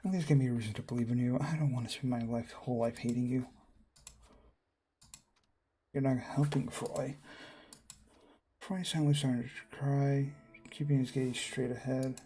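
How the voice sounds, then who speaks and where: A man's voice: mid-range voice, steady tone, moderate pace, pauses often, dark tone, a little hiss or hum. A man reading a visual novel aloud, doing narration and all the characters in his own voice and reacting as he goes. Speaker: game streamer.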